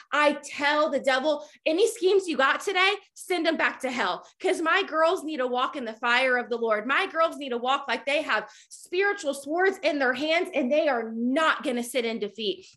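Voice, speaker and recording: Fervent high-voiced woman preaching faith. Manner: fervent, preachy, rising to near yelling. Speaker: Christian speaker. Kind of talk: impassioned faith talk to a social media audience.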